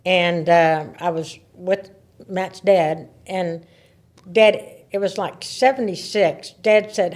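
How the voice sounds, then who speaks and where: A woman in her seventies, a podcast guest, telling stories in a casual, animated way, laughing and repeating words as she talks. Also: lowish voice, takes it slowly. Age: 70s. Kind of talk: casual storytelling.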